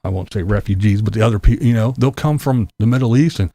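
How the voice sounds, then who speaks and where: A man's voice: on the low side, fast, mellow, no echo. A man giving an angry, profane political rant as a vlogger, sarcastic and full of mocking mimicry.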